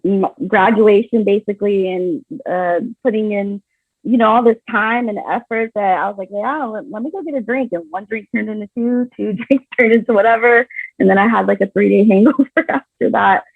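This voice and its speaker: A woman's voice: medium pitch, steady tone, moderate pace, creaky, no room sound. A woman in her thirties hosting a podcast, chatting casually and laughing easily with her guest. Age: 30s. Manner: laughs often, easygoing. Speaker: podcast host. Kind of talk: casual chat interview. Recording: tinny phone-line sound, dry.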